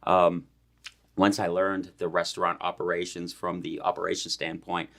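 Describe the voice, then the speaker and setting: A man's voice: low-pitched, monotone, normal speed, gravelly, a bit bright. A man from Boston, a chef, answering interview questions in an easygoing way with short, agreeable replies. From Boston, USA. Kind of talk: casual interview chat.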